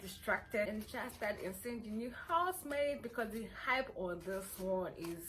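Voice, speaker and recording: A young woman with a Nigerian accent chatting playfully to camera as a vlogger, hoarse from a cold and sore throat. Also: medium pitch, expressive, normal speed, few pauses, a bit bright, a little hiss or hum. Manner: chatty, playful and self-assured. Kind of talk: casual chat to camera.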